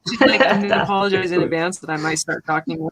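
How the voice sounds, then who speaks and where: A woman's voice: fairly low pitch, fairly even intonation, quick pace, a crowd in the background, low-quality recording. A woman from Louisiana hosting an art stream, chatting effusively and laughing often over a video call. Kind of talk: casual video chat.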